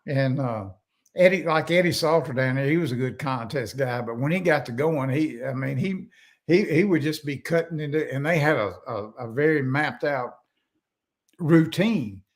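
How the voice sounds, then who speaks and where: A man's voice: medium pitch, moderate pace. Folksy older man telling stories. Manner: folksy, rambling, self-interrupting. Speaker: guest. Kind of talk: casual storytelling.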